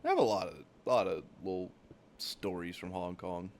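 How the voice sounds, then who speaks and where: A young man from the United States tells loose travel stories while he plays a game. His voice sits very low, and he rambles, swears freely and leans on "like" as filler. A faint hiss runs under the recording. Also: moderate pace. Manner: rambling, profane, many "like" fillers. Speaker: gaming channel host. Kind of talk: casual storytelling while gaming.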